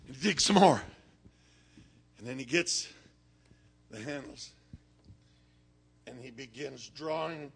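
A man preaching a sermon, telling a story dramatically and swinging from shouts down to whispers. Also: mid-range voice, slow, creaky, long pauses, breathy edge.

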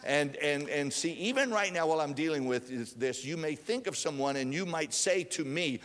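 A man preaching a sermon as pastor, climbing higher and louder to drive his points home. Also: expressive, moderate pace, few pauses. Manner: preaching, rising in pitch and force for emphasis. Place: church sanctuary. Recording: long reverb of a church hall.

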